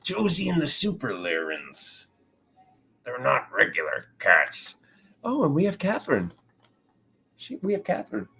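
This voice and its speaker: A man's voice: medium pitch, huge pitch swings, measured pace, gravelly, pauses often, pushed and bright. A man hosting a spiritual tarot live stream who has just woken up, chatting playfully and calling out viewers by name. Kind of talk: casual live-stream chat greeting viewers.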